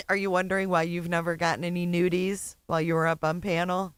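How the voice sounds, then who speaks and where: A woman's voice: lowish voice, level tone, fairly quick, clear, resonant tone, no echo. A woman hosting a livestream, reacting to clips with sarcasm and frequent laughter. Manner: amused, sarcastic, laughs often. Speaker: host.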